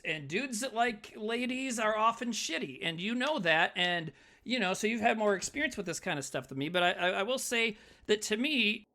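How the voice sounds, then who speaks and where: A man's voice: high-pitched, bright, forceful tone. A man co-hosting a podcast, rambling casually with lots of fillers and swearing. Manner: rambling, filler-heavy, profane. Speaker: podcast co-host. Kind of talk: casual chat. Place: Midwest.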